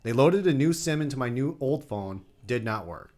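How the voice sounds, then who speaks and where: A man in his thirties, co-hosting a podcast, tells a story in a casual, venting way. He swears often and speaks in a middle-pitched voice. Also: animated, normal speed, darkish tone. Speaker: podcast co-host. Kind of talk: casual chat.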